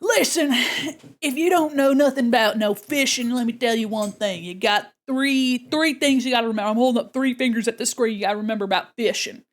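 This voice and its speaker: A woman's voice: a little high, a little fast, close to an everyday voice. A woman doing a brash Southern fishing buff. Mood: boastful. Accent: Southern US, put on. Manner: boastful, folksy, drawling catchphrases. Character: swaggering Southern fishing buff, boastful and folksy. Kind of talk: comedic bit on a live stream.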